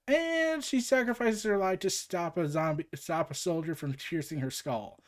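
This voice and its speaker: A man casually reading and retelling a comic book aloud, joking and animated, with asides. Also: high-pitched, normal speed, few pauses. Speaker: comic reader and commentator.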